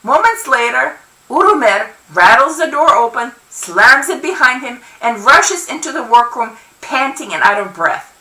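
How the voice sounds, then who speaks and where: A woman author reading her own novel aloud in an expressive first-person narration. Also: high-pitched, normal speed. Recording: roomy, from far off.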